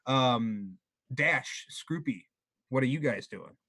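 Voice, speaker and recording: A man's voice: medium pitch, lively intonation, slow, sharp tone, no echo. A man running a tabletop game as game master, laid back and laughing often as he narrates.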